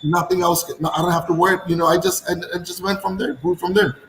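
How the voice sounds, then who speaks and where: A man who used to play cricket, telling animated stories in casual chat and repeating phrases for emphasis. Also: high voice, quick pace, roomy sound, a little hiss or hum, rough recording. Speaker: former cricketer.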